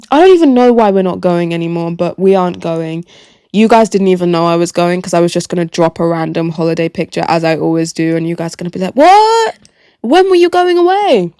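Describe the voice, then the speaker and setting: Hoarse young woman chatting on her podcast. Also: on the low side, darkish tone, dry recording. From Gambia. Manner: chatty, self-mocking, rambling. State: hoarse, sore throat. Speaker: podcast host. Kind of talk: casual solo chat. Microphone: podcast microphone.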